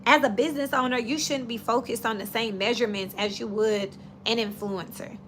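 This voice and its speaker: A woman's voice: fairly high pitch, steady tone, brisk, a bit bright, a little hiss or hum. A woman giving a casual tarot reading, talking in a chatty, direct, coaching way. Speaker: tarot reader.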